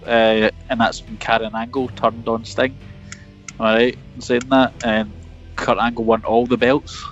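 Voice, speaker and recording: A man's voice: medium pitch, little pitch movement, normal speed, faint music behind. Blunt man, opinionated co-host. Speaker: podcast co-host. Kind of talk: casual chat. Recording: dull lo-fi podcast audio.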